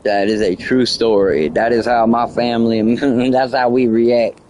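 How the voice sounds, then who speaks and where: A man on a live game stream, casually telling a story in a profane, excitable way. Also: medium pitch, a little slow, slight background noise. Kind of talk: casual storytelling while gaming.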